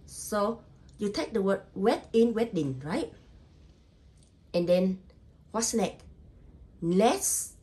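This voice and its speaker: A woman teaches spelling at an unhurried pace. She sounds out every letter and repeats each word, and her simple phrasing shows English is not her first language. Her voice sits at a medium pitch. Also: animated, warm tone. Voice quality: non-native English grammar. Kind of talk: spelling lesson.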